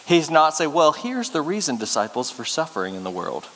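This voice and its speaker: A male pastor giving a sermon, speaking earnestly and getting lively when he tells stories. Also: on the high side, brisk, hardly any pauses. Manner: earnest storytelling preacher, lively when telling anecdotes. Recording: reverberant hall with faint hiss.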